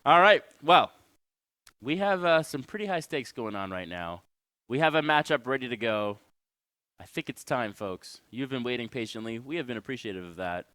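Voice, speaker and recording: A man leading an esports broadcast as play-by-play caster, energetic and jokey. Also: medium pitch, normal speed, no room sound. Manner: energetic, jokey, leads the segments. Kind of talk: esports commentary.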